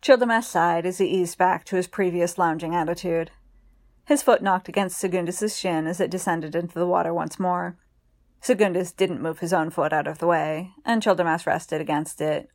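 A woman reading fiction aloud in a calm, unhurried way. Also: fairly low pitch.

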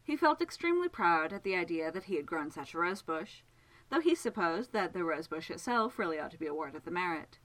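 A woman narrating a story aloud in a gentle, measured, expressive way. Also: fairly low pitch, low-quality recording. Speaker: reader.

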